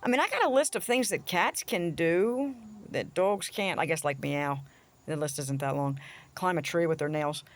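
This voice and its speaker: A woman with a low voice rants to camera at a normal speed, giving her opinions bluntly and crudely. She's casual and sarcastic, throwing in jabs and slipping into mocking voices.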